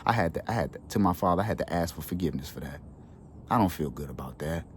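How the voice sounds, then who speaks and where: Earnest, low-pitched man for a heartfelt monologue, casual slang, light background hum. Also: animated, quick pace. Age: adult with children. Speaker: wellness channel host. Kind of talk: heartfelt personal storytelling.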